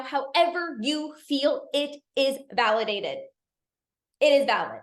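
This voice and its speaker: A woman's voice: high voice, big pitch swings, slow, roomy sound. A woman coach and podcast host giving an upbeat, chatty pep talk to her live audience. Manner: upbeat, chatty, encouraging, many "like"s and repeats.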